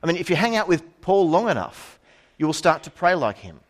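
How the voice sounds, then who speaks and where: Lively middle-aged preacher. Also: male voice, on the high side, brisk. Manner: conversational, with asides and rhetorical questions. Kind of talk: sermon.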